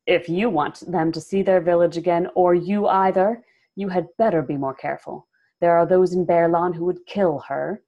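A woman voicing a wary old male minstrel who speaks scornfully, at times ominously soft. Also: deep voice, unhurried, highs cut off.

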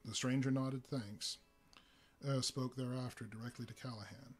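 Brief: husky male storyteller at mid pitch, unhurried, with lots of "uh" fillers. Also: steady tone, soft background music. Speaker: narrator. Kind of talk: live reading of a story.

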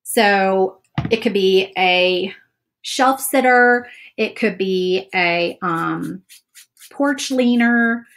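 A woman's voice: medium pitch, drawn-out words, fairly bright tone. A woman hosting a live crafting stream from her table, chatty and rambling with many fillers. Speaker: crafting channel host. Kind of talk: casual live crafting chat. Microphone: overhead camera setup.

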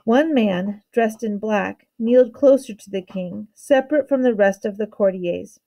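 A woman teacher reads a children's novel aloud, her tone soft and mellow rather than bright. She keeps a steady, expressive storytelling pace, at a middle pitch for a woman. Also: measured pace.

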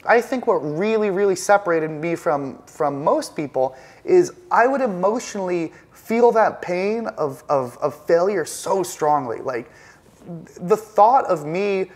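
A professional trader, male, is the guest in an indoor interview held in a penthouse apartment, and the conversation is relaxed. His voice sits fairly high, with a lively rise and fall and a measured pace. He speaks with intensity and emphasis, often repeating words as he builds toward a point.

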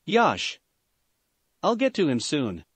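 A man voicing an eager, earnest young male fighter who talks with excitable enthusiasm. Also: fairly high pitch, takes it slowly, slightly rough, no echo, exaggerated voice.

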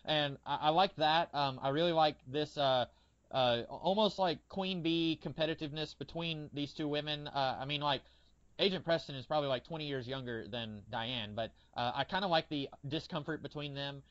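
A man's voice: on the high side, moderate pace, a bit bright, dry recording. A man co-hosting a podcast in casual chat, rambling with lots of fillers as he retells scenes with animation. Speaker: podcast co-host. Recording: dull lo-fi audio.

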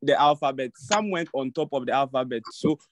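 A man's voice: medium pitch, a little fast, background noise. A young man with a Ghanaian English accent, a student hesitantly querying his exam marks and restarting sentences.

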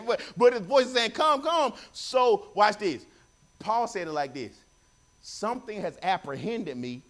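A man preaching a sermon in church, animated, repeating phrases and calling for responses from the congregation. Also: high-pitched.

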